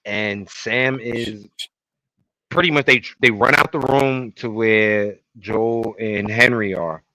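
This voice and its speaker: A man co-hosting a podcast, recapping a TV episode in casual chat and breaking into loud, exasperated outbursts. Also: lowish voice, slow pace, no room sound, low-quality recording. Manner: animated, bursts into loud exasperated outcries. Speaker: podcast co-host.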